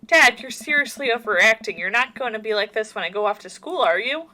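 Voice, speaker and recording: A woman's voice: a little high, expressive, a little fast, pushed and bright, slight background noise. A woman reading a sassy teenage daughter.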